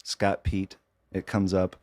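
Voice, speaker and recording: A man's voice: low voice, completely flat delivery, slow, darkish tone, no room sound. A man as a podcast guest, telling stories in a jokey, self-deprecating way. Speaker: guest, filmmaker. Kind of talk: casual chat.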